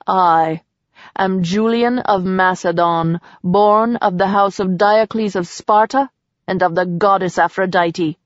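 A woman's voice: mid-range voice, slow, dry recording, lightly acted. A woman voicing a proud immortal warrior man who speaks in a commanding, boastful way, on a slightly muffled recording.

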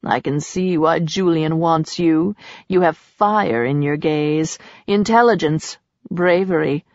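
A woman's voice: low-pitched, takes it slowly, a little mellow, no echo, pitched below the performer's own voice. Woman voicing a snarling, cruel god Priapus. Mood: menacing. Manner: snarling, contemptuous. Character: arrogant, cruel male god, scornful and menacing. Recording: slightly muffled.

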